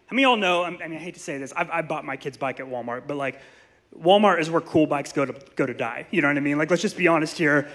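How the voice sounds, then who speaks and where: A man in his thirties preaches in a church, his voice high and forceful. He tells stories with animated energy and throws playful asides to the room. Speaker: pastor. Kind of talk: sermon. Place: church sanctuary.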